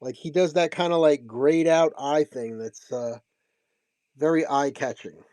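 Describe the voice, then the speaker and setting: A man's voice: fairly high pitch, measured pace, darkish tone, no echo. A man casually showing off signed comics and prints, chatting and laughing as he tells the story, often repeating himself. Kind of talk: casual show-and-tell recap.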